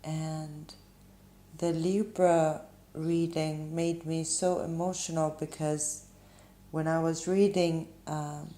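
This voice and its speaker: A woman speaks slowly in a low, mellow voice as she gives a spiritual tarot reading. She muses gently and stops often to search for words. The room around her adds a noticeable echo. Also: level tone. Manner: gentle, musing, pauses with ums. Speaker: tarot reader.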